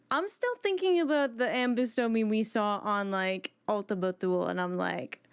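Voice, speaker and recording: A woman's voice: mid-range voice, normal speed, hardly any pauses, clean tone. A woman live streaming from home on a desk microphone, chatting casually with her viewers and greeting them one by one.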